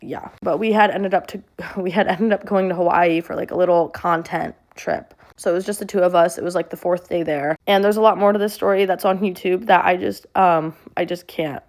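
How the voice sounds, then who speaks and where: Low, gravelly monotone young woman. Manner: monotone, flat delivery; halting, with many fillers and restarts. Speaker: social media creator. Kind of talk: personal storytelling to camera.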